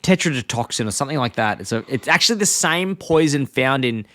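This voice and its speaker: A young man co-hosting a podcast, rambling through a plot recap and dropping into quick impressions of the characters. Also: medium pitch, animated, fairly bright tone, dry recording, clean studio sound. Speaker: podcast co-host. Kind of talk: casual chat.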